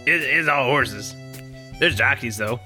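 A man voicing a creepy creature in a trench coat, deadpan and blunt, in an improv comedy scene. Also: medium pitch, unhurried, soft background music.

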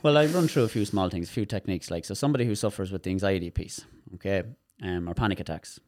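A man's voice: deep voice, fast, darkish tone. An Irish man, a therapist guest in a casual interview, explaining things animatedly and often repeating words.

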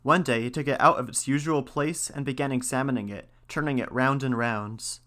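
A man's voice: mid-range voice, fairly even intonation, brisk, hardly any pauses, sharp tone. Man reading a folktale aloud. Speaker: storyteller.

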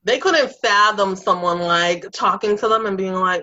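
A woman's voice: medium pitch, normal speed, hardly any pauses, bright, forceful tone. A woman co-hosting a casual talk show, giving blunt, emphatic opinions in a mid-range voice. Her recording has a dull, lo-fi quality, as if captured on a lesser microphone. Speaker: podcast co-host. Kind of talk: casual chat. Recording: dull, lo-fi sound.

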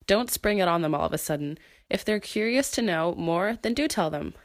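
A woman's voice: lowish voice, animated, a little fast. A young woman hosting her own podcast, reading a scripted monologue in a chatty, earnest way, her voice nasal from a cold. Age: young adult. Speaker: podcast host.

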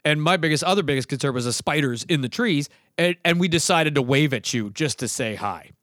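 A man's voice: on the high side, a little fast, no room sound, studio quality. A man telling a story in casual chat, acting out the voices and laughing as he goes. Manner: animated, acts out voices, laughs through the telling.

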